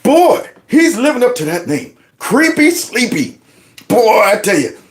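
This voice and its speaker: A man's voice: very high voice, very animated, a little slow. A man hosting a reaction show, mocking and incredulous as he comments on clips. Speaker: host.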